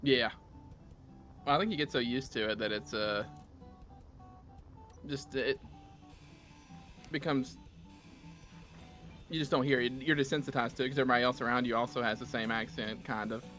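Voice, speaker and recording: A man's voice: medium pitch, normal speed, pauses often, a bit bright, soft background music. A man with a Southern US accent hosting a casual gaming stream, chatting and telling rambling stories. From Southern United States. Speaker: streamer host reading chat.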